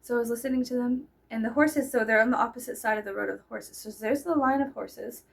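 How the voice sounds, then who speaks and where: A woman telling a story in a casual way, animated and breaking into loud laughing shouts. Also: a little high, quick pace, creaky.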